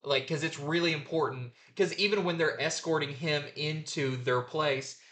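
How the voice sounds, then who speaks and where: A man's voice: fairly high pitch, moderate pace, a bit bright. A man hosting a comic book review show, chatting casually and enthusiastically with lots of fillers.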